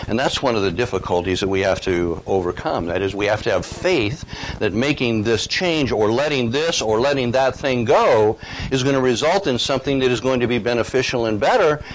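A man's voice: fairly low pitch, slight background noise, rough recording. An older man preaching a sermon in a conversational, earnest way, often asking rhetorical questions.

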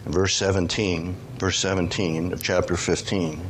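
A man's voice: deep voice, level tone, moderate pace, a little hiss or hum. A man preaching a sermon, reading scripture aloud and pressing his points with rising, questioning emphasis.

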